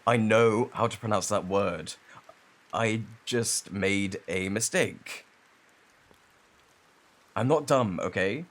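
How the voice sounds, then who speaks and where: A man's voice: fairly low pitch, slow, long pauses. A young man with a British accent voicing a rude, defensive male student bully in an ASMR role-play, curt and hostile, later shaky and vulnerable.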